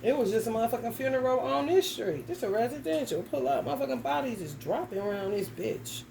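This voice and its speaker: A woman's voice: fairly high pitch, animated, fast, gravelly, background noise. A young adult woman giving a casual tarot reading, talking bluntly and emphatically with plenty of cursing and slang. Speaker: tarot reader.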